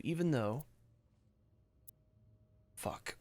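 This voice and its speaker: A man's voice: medium pitch, lively intonation, normal speed, pauses often, no room sound. Swearing man reading game letters. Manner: profane, blunt, reacting with frustration. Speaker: let's play gamer. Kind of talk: casual gameplay commentary and reading game text aloud. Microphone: desk microphone.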